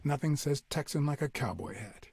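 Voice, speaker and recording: An actor playing a world-weary male cat private detective in a video game, speaking dry and measured. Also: medium pitch, expressive, gravelly, a little mellow, breathy edge. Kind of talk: hard-boiled game dialogue and inner thoughts.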